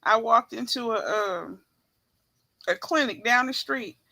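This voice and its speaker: A woman co-host speaks quietly and haltingly, stopping often on ums. Her voice is bright and a little high. She sounds dry and a bit off-mic. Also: vocal fry, no room sound. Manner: quiet, hesitant with fillers. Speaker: podcast co-host. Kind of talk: casual chat.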